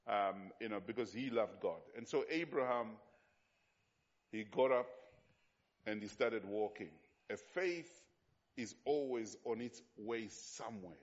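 A male pastor delivering a sermon with emphasis, circling back on his phrases and posing questions to the people in front of him. His voice sits at a middling pitch. The recording is muffled and lo-fi. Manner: emphatic, repetitive, with rhetorical questions to the congregation.

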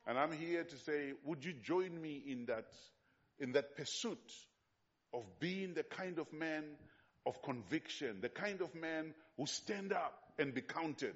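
A man's voice: on the high side, measured pace, muffled recording. A man preaching a sermon as pastor, emphatic and repetitive, often putting questions to his congregation.

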